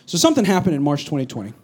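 A man preaching a sermon, going from loud comic storytelling to a hushed, serious tone. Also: a little high, huge pitch swings, quick pace, husky. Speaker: pastor.

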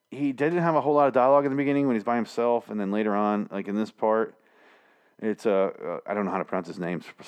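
A man with a fairly low voice talks through a show recap in a loose, rambling way. He swears freely and restarts his sentences often. The tone is casual and offhand. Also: clear, resonant tone. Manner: profane, rambling, frequent restarts. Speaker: TV episode recap host.

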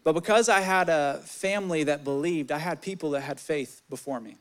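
A young man preaching a sermon, candid and animated, telling personal stories and reading scripture. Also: a little fast. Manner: candid and animated, swelling louder in stories, dropping low on scripture.

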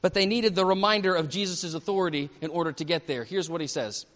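A male pastor preaching a sermon at a church service, animated and asking the congregation questions. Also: a little high, fast talker, big-room sound.

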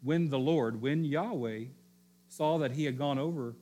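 A pastor preaching a teaching sermon, repeating key phrases and often checking in with his listeners, sometimes dropping to a quiet low voice to stress a point. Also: a little slow, slight background noise.

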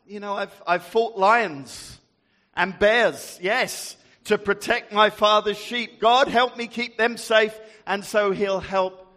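A man's voice: high-pitched, slow pace, pushed and bright, exaggerated voice. A man voicing a small, brave shepherd boy who speaks earnestly and a little hesitantly. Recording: echoey hall.

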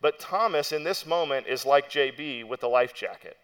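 A man's voice: medium pitch, expressive, moderate pace, fairly bright tone, smooth. A young adult man giving a sermon as pastor, preaching in a conversational storytelling way with frequent asides to the listeners.

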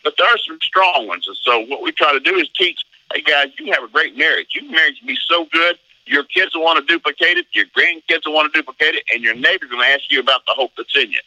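A middle-aged man, a pastor, telling stories in a folksy, animated way, acting out voices and laughing often. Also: on the high side, quick pace, no echo, poor audio. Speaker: pastor and marriage seminar teacher. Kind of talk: animated interview storytelling.

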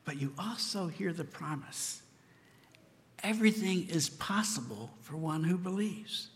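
A man's voice: high-pitched, lively intonation, unhurried. Preaching man in a reverberant church. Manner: earnest, conversational preaching with frequent "right?" asides. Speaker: pastor. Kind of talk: sermon.

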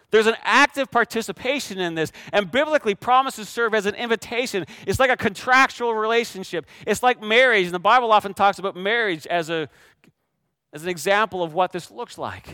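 A man's voice: high voice, bright, forceful tone, clear, resonant tone, no room sound. A man preaching a sermon as pastor, emphatic, repeating key phrases and asking rhetorical questions.

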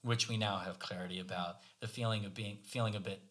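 A man's voice: lowish voice, steady tone, fast talker, a bit bright. A man co-hosting a conversation, telling a story about himself in a casual, self-deprecating, wry way. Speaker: podcast co-host.

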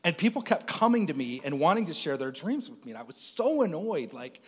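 A man's voice: on the high side, big pitch swings, brisk, hardly any pauses, breathy edge, big-room sound. A man giving a conversational personal testimony as a Christian speaker, with lots of fillers.

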